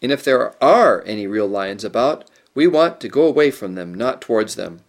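A man's voice: on the low side, expressive, normal speed. A man voicing a blunt, practical and skeptical male dwarf in a storybook reading, speaking sternly. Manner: stern, matter-of-fact.

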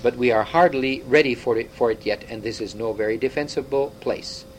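A level-headed dwarf, read by a male narrator, plain and sensible. The voice stays close to the reader's own, with a faint rumble underneath. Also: fairly quick, close to an everyday voice, rough recording. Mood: cautious.

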